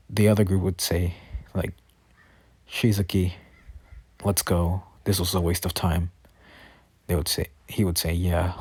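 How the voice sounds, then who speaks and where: A low-voiced man improvises a fan story, stumbling through fillers and quick self-corrections as he goes. His voice has a husky edge, and it sounds close and dry through a computer voice-chat mic. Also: darkish tone, dry recording. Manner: rambling, filler-heavy, frequent self-corrections. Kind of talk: improvised fan-fiction narration.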